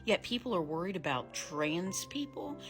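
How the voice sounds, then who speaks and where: A woman's voice: on the low side, sing-song, moderate pace, music in the background. A woman speaking emphatically.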